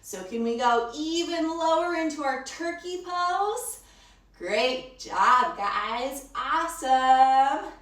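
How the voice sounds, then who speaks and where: A woman's voice: high-pitched, animated, slow pace, a bit bright, roomy sound, distant mic. A woman teaching a storytime yoga lesson to children, encouraging them, asking them questions and praising them.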